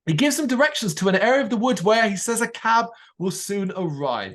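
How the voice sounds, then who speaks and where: A man's voice: sits high, quick pace, hardly any pauses. A man co-hosting a podcast, casually recapping a TV episode and acting out the lines he quotes. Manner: animated retelling, acts out quotes. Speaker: podcast co-host.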